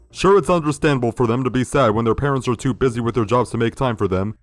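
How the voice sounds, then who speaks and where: Sardonic male video critic, mid pitch, dry close sound. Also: no echo. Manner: sardonic, profane. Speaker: video essay host. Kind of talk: critical review commentary.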